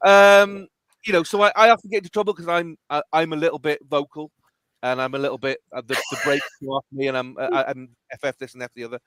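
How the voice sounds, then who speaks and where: Middle-aged male podcast host, excitable storyteller, slightly high voice. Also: fast talker, clear, resonant tone, no room sound. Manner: animated, emphatic storytelling. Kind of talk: casual podcast chat.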